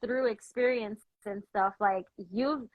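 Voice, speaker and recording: Expressive New York woman, higher voice. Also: slow pace, dry recording, phone-quality sound. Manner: expressive, quotes people, swears. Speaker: host. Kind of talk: casual chat.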